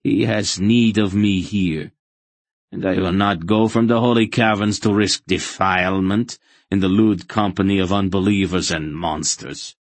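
A man's voice: deep voice, fairly even intonation, unhurried, no echo. A man voicing Relg, a scornful cave zealot. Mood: contemptuous. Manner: scornful, insistent. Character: zealous male cave-dwelling fanatic, contemptuous. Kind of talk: audiobook character voice.

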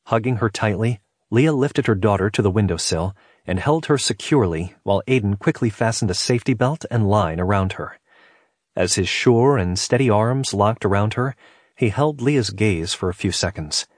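A man narrating a novel in a steady, measured reading. His voice is low with a husky grain. The sound is close and dry, with no room around it. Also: no room sound. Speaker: audiobook narrator.

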